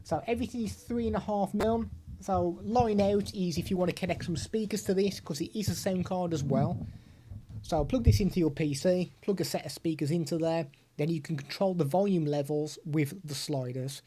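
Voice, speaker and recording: Chatty tech vlogger, mellow tone, desk mic. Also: male voice, sits high, normal speed, slight background noise. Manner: chatty, hands-on explaining. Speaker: tech reviewer. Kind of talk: product demo vlog. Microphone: desktop USB/XLR microphone.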